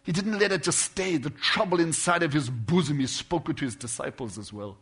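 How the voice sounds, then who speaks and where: Guy preaching a sermon, kinda husky, voice sits a bit high, goes hushed then punches up loud. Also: brisk. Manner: earnest, swings from quiet intimate lines to loud emphatic bursts.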